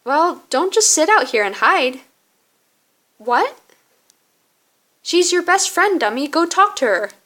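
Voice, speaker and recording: A woman's voice: on the high side, lively intonation, a little slow, hardly any pauses, bright, forceful tone, heavily acted. A woman voicing a young college man who teases and nudges his friend, in a story game read-along. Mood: teasing. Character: teenage college guy, teasing friendly roommate.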